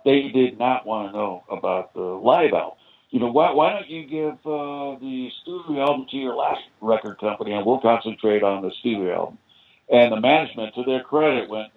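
A man's voice: medium pitch, animated, fairly quick. An older American man telling long, rambling anecdotes as a guest in a podcast interview, with lots of "you know"s. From United States. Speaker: guest musician. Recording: tinny phone-line sound.

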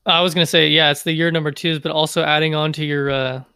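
Man, higher pitch, dry sound, playful casual sports chat. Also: flat delivery, fast, bright, forceful tone, smooth, no room sound. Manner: joking, playful asides. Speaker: fantasy football podcast co-host.

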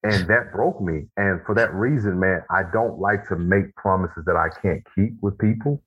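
A man talking about his own childhood and healing in a casual, heartfelt conversation, reflective and deliberate. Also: low-pitched, slightly rough. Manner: reflective, slow and deliberate when making a point. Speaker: guest, author of a men's journal. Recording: tinny phone-like line.

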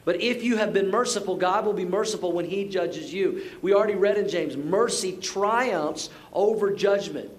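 High-voiced middle-aged male pastor preaching. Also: normal speed, hardly any pauses. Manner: conversational storytelling with repeated words and asides. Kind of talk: sermon.

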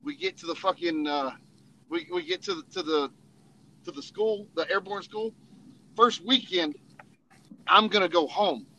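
A man's voice: high voice, unhurried, long pauses, sharp tone, muffled recording, a little hiss or hum. A man telling funny army stories in casual, profane storytelling, laughing and acting out voices as he goes. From Tennessee.

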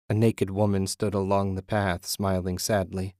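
A man narrating a horror story in a steady, measured reading. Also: low-pitched, no room sound, studio quality.

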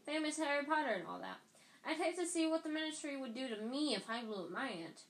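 A woman's voice: sits high, lively intonation, quick pace, echoey room, pitched above the performer's own voice, rough recording. A woman doing a cheeky, teasing schoolboy. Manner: breezy, teasing. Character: cheeky freckled schoolboy, joking and chuckling.

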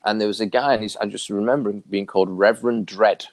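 Animated storytelling man, low dry voice. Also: quick pace, no room sound. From New York area. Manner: animated, acts out quoted dialogue with big pitch jumps. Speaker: interview guest. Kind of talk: casual storytelling.

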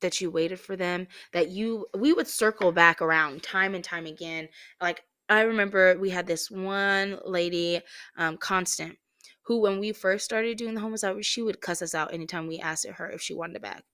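A woman's voice: lowish voice, moderate pace, bright, forceful tone, smooth. Heartfelt woman sharing faith reflections. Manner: heartfelt, near tears at times. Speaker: podcast host.

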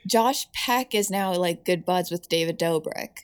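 Woman co-host rambling and laughing about old tv, lowish voice, close dry mic. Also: measured pace, clear, resonant tone, no echo. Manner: chatty, laughing, many restarts. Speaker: podcast co-host. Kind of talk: casual chat reviewing old TV.

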